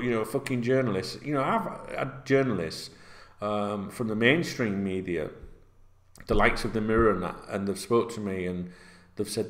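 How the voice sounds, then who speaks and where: A man's voice: medium pitch, normal speed. Sweary middle-aged man. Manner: chatty, sweary, with many fillers. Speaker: football vlogger. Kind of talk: casual rambling monologue. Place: indoors at home, seated. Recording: roomy echo.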